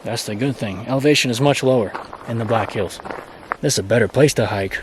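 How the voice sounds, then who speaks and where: A man's voice: medium pitch, fairly quick, noisy background. A man talking casually to himself while hiking a pine forest trail, rambling and playful. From Colorado. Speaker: hiking vlogger. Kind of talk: casual hiking vlog talk.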